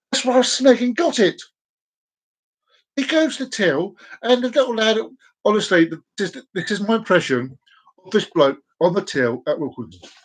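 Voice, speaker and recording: An Englishman on a livestream, in an exasperated, ranting monologue that swings between loud outbursts and low mutters. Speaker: livestream host.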